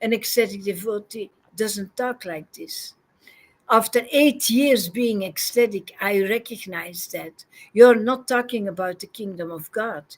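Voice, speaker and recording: A woman gives an unhurried spiritual talk. Her pace is slow and reflective, and she laughs easily between points. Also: mid-range voice. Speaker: spiritual teacher. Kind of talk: informal devotional talk.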